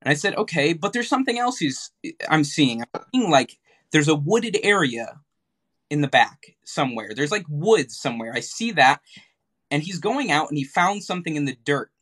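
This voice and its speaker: Man, mentalist, live-stream chat, higher-pitched, halting, lots of ums. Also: sing-song, fairly bright tone, husky. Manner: hesitant, many fillers, building an anecdote.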